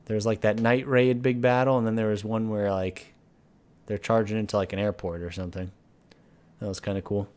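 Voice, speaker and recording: A man co-hosting a podcast in casual chat, with a relaxed, wandering way of talking that trails off into quiet asides. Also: lowish voice, brisk. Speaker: podcast co-host.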